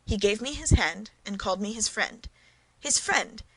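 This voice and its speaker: A woman's voice: mid-range voice, lively intonation, normal speed, a bit bright, slightly rough, no echo, rough recording. A woman reading the part of a self-important, cowardly middle-aged mercer in a storybook reading, speaking emphatically. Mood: pompous.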